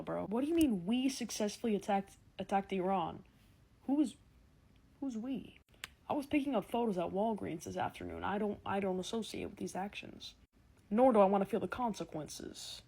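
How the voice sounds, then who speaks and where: Husky-voiced young woman ranting. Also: mid-range voice. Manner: animated, sarcastic, breaks into laughter. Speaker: comedic creator. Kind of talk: casual comedic monologue.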